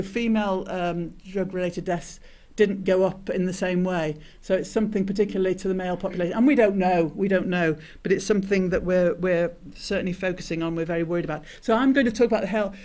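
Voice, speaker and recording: An older man with a notably high voice gives a conference talk, telling a story from his years as a doctor. He speaks haltingly, stopping and restarting often and filling pauses with "um" and "uh". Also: darkish tone. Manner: hesitant, many restarts and fillers. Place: conference hall.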